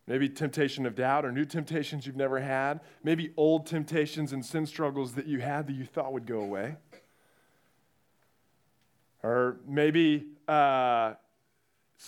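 A high-voiced young man gives a youth sermon in a church room. He tells his story with lively energy and acts out the voices of the people in it. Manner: animated storytelling, acting out quoted voices. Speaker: youth pastor.

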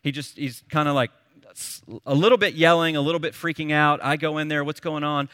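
A man in his thirties preaching a sermon, telling a family story in an animated, conversational way. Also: a little high, fairly quick, no echo, clean studio sound, long reverb tail. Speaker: pastor.

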